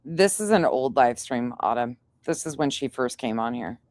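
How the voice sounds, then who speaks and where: A woman's voice: extremely low pitch, lively intonation, normal speed, darkish tone, dry recording. A woman hosting a livestream, commenting bluntly on a clip to her chat. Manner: blunt, talks over clips to chat. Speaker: livestream host.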